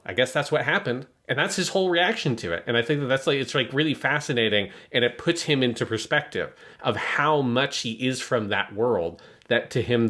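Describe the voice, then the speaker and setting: A man's voice: mid-range voice, fairly bright tone. A man co-hosting a podcast, picking apart a story in casual, analytical chat and swearing now and then. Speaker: podcast co-host.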